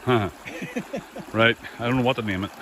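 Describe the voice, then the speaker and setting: A man's voice: mid-range voice, moderate pace, background noise. An Irish man hosting a podcast, chatting casually and easygoing while hiking in wooded mountains. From Ireland. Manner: easygoing, chatty, laughs often. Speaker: podcast host. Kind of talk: casual outdoor vlog chat.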